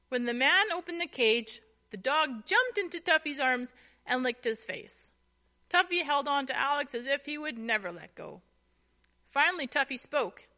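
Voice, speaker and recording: A woman narrates a children's storybook slowly and expressively. Her voice is high and bright, rising and falling in a lively way.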